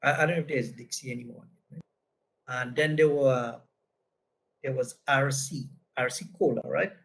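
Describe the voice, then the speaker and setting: A man's voice: medium pitch, normal speed, gravelly, fairly bright tone, poor audio. Trinidadian man telling a business story. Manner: conversational, frequent "right?" tags. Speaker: presenter. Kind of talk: anecdotal business talk.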